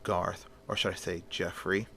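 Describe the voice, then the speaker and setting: A man voicing a haughty, menacing vampire countess in an amateur story reading with voices, speaking coolly and dropping to quiet threats. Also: sits low, flat delivery, a little slow, slight background noise, exaggerated voice. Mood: cool menace.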